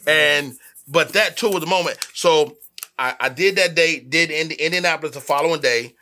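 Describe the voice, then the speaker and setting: A man's voice: fairly high pitch, normal speed, a little hiss or hum. A male comedian telling stories about his early tour days in a casual podcast conversation. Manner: relaxed anecdote telling. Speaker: comedian, guest. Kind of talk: casual chat.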